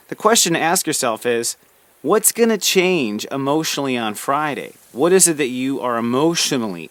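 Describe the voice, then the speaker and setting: A man hosting a daily spiritual talk, gently encouraging the listener and calling them friend. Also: mid-range voice, no echo. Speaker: spiritual podcast host.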